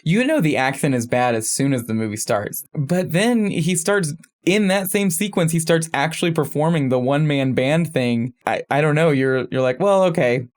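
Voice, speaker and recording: A man co-hosting a film podcast, chatting casually with animated, self-deprecating asides. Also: a little high, moderate pace, few pauses. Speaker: podcast co-host.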